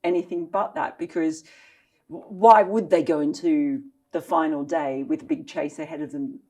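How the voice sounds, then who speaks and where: Facetious woman with a lowish voice. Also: steady tone, moderate pace, darkish tone. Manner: facetious, teasing. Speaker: overseas correspondent. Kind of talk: casual podcast discussion.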